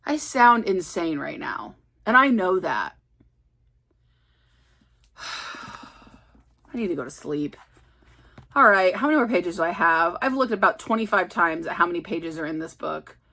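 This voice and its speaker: A woman's voice: lowish voice, animated, moderate pace, vocal fry, hardly any pauses, sharp tone. A woman talking casually in a book vlog, chatty and self-mocking as she rambles about her reading. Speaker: book vlogger.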